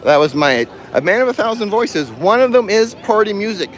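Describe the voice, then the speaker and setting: A man's voice: high voice, sing-song, moderate pace. A man hosting a casual livestream while walking through an outdoor theme park, joking playfully with his viewers into a handheld phone. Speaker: livestream host. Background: faint music and crowd.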